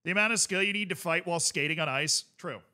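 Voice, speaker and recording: A man's voice: high-pitched, quick pace, bright, forceful tone. A male streamer chatting casually while reacting to clips, enthusiastic and rambling, full of fillers.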